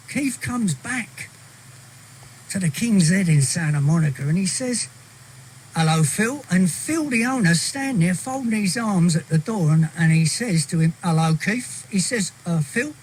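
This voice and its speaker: A man with an English accent telling a lively anecdote as a radio guest in a studio. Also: high voice, a little hiss or hum, poor audio. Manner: chatty, animated, acts out quoted voices. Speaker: storyteller guest. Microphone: studio mic.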